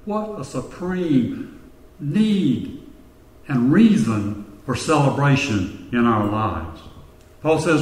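A male pastor preaching a sermon, telling stories and slowing down to stress his points. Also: medium pitch, sing-song, a little hiss or hum. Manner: storytelling preacher, slowing for emphasis. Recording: echoey church hall with long reverb.

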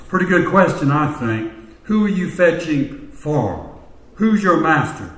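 A man's voice: medium pitch, lively intonation, normal speed, a bit bright, echoey room, recorded from a distance, poor audio. A man preaching a sermon, telling a story and repeating phrases for emphasis. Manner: storytelling, rhetorical repetition. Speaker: pastor.

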